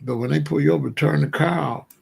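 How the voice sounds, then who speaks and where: A middle-aged man talks straight to his audience, spinning a street story and acting out what each person said. His voice is heavily gravelly and husky, sitting a little high for a man. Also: brisk. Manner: animated storyteller, breaks into quoted dialogue. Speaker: commentary show host. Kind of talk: casual storytelling commentary.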